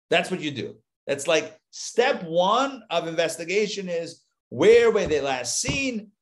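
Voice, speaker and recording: A man, a rabbi, teaching a live Torah class, retelling the story with lively asides and acted-out lines. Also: high-pitched. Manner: animated storytelling, acts out the biblical lines, chatty asides.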